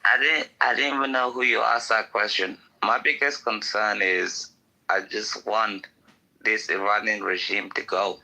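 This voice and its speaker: A man's voice: on the low side, steady tone, unhurried, creaky, bright, forceful tone, poor audio. A man in a heated call-in discussion, ranting emphatically and swearing freely.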